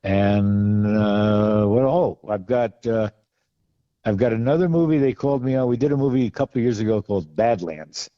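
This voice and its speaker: A man's voice: lowish voice, moderate pace, dry recording, highs cut off. A man guesting on a podcast, telling rambling, wry stories about film work with many restarts. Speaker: podcast guest, film costume and gun expert. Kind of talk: casual anecdotal storytelling.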